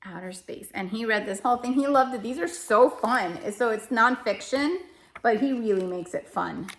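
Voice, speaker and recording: Chatty woman with a gravelly edge. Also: on the high side, moderate pace, a bit bright. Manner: chatty and rambling, corrects herself often; emotional, self-deprecating. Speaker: homeschooling parent reviewing books. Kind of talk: casual chat.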